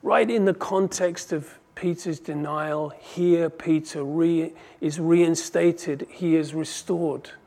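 Impassioned male preacher, fairly high voice. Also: steady tone, takes it slowly, hardly any pauses, darkish tone. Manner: impassioned, rising and falling in volume for emphasis. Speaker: pastor. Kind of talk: sermon.

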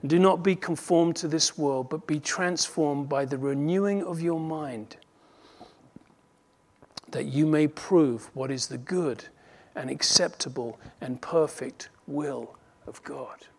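An earnest male preacher delivers a sermon in a slightly higher-than-usual voice. He acts out short imagined conversations and sometimes restarts a word mid-thought. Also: slow pace, gravelly, darkish tone. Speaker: pastor.

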